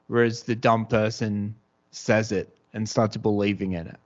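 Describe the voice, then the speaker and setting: A man hosting a casual podcast chat, talking in a rambling, halting way full of restarts. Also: lowish voice, flat delivery. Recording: dull lo-fi podcast audio.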